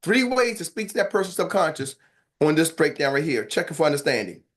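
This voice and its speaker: A man's voice: fairly high pitch, a little fast. A man leading a sales training session who acts out customer replies and keeps checking in with his audience. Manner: energetic, acts out customer replies, asks "are y'all with me?". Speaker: sales coach. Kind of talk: live sales training talk.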